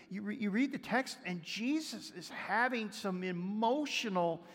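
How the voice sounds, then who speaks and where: A man preaching a sermon, telling a story and reading scripture aloud, swinging between loud lines and hushed ones. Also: sits high, long reverb tail. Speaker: pastor.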